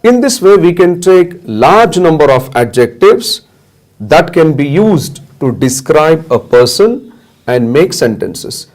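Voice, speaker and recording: A man teaching a basic English lesson, speaking slowly and deliberately and repeating simple sentences for learners to echo. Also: on the high side, very animated, darkish tone. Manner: slow, deliberate, repetitive drilling. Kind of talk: classroom lesson with drills.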